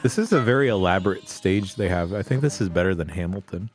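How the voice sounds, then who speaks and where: Teasing man with lively pitch. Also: fast, faint music behind. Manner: teasing, asks others to do bits. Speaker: co-host of a game stream. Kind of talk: casual playthrough banter.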